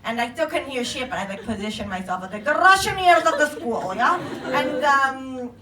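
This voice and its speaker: High-voiced young woman doing stand-up in a bar. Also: animated, moderate pace. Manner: loose, profane storytelling with frequent laughs. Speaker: stand-up comedian. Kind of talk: open mic stand-up set. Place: small bar stage with a live audience. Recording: echoey bar room, far mic, crowd laughter. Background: audience laughter and room noise.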